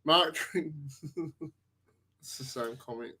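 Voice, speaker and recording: A man with a New Zealand accent who giggles often and throws in slow, joking quips while watching a rugby game with a friend. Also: fairly high pitch, sharp tone. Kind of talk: casual joking banter.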